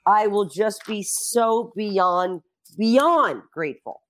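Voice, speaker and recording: A woman's voice: mid-range voice, slow pace. Brief: middle-aged woman, brash storyteller, loves a punchline and a curse. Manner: animated storyteller who swears and acts out quotes. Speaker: guest. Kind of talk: casual chat.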